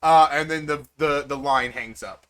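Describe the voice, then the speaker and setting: Male game master, bright, rambling narration. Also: a little high, normal speed. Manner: loose, rambling, filler-heavy.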